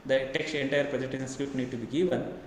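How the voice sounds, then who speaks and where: A man with an Indian English accent lectures over a webinar, pressing ahead at a quick clip and filling gaps with "uh" and repeated "then again". His voice bounces around a very reverberant room, with a faint hiss underneath. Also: medium pitch, fairly even intonation. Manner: rapid, halting delivery with many fillers and repeated "then again". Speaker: university professor giving a webinar lecture. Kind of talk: online lecture. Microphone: webinar computer mic.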